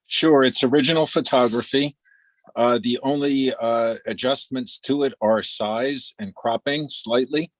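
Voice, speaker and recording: A man photographer describing his work in a relaxed, reflective way over a video call. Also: medium pitch, unhurried, dry recording. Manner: relaxed, reflective, with little laughs. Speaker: photographer in the exhibition. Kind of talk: casual video-call discussion.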